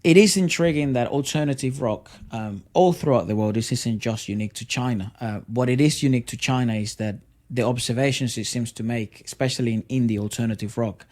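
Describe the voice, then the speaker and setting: A man's voice: medium pitch, brisk, darkish tone. A man co-hosting a podcast in a casual discussion, reflective and searching for words as he asks probing questions. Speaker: podcast co-host.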